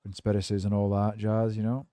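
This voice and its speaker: Laid-back and cynical, a game streamer rambles through casual live-stream chat, cursing easily and responding to viewer messages. His warm, mellow voice is lowish and completely flat, fairly quick, recorded dry and close with no room around it.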